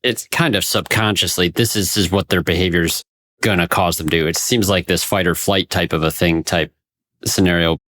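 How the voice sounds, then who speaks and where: A man hosting a podcast who tells personal anecdotes in an animated way and laughs easily. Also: deep voice, normal speed. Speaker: podcast host. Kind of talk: conversational podcast chat.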